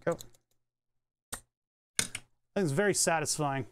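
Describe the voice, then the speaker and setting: A man's voice: fairly high pitch, slow pace, fairly bright tone, slight background noise. Rambling man thinking aloud at a workbench. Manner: rambling, offhand, thinks aloud, swears casually. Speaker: electronics streamer. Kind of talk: casual live-stream chat while soldering. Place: home electronics workbench.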